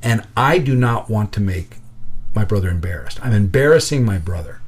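A man telling a personal story in casual conversation, lively and animated, acting out the voices of the people in it, with frequent restarts. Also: lowish voice, moderate pace, breathy edge.

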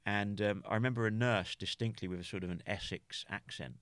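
A man from the United Kingdom talks through a hard memory as a podcast guest. His voice sits low, and the recording is dry and close with no room sound. He stumbles and restarts often, leaning on "you know" as he searches for words. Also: steady tone, fairly bright tone, dry recording. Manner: halting, with many restarts and "you know" fillers. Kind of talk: personal storytelling in an interview.

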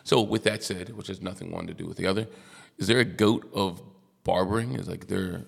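A man with a lowish, gravelly voice hosts a loose, crude chat and is quick to laugh. A long reverb trails his words around the room. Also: steady tone. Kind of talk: casual chat.

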